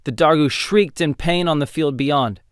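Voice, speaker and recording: A man narrating a fantasy audiobook in an expressive, dramatic storytelling style. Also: a little high, moderate pace, clean tone, dry recording, clean studio sound. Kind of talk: scripted narration.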